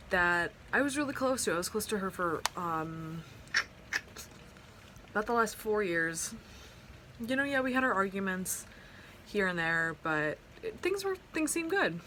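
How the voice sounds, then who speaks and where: A woman's voice: medium pitch, pushed and bright, slight background noise. A young adult woman vlogging at home into her phone, telling a personal story in a rambling, heartfelt way full of fillers and restarts. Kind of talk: casual storytime vlog. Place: at home by an open window. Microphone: phone camera.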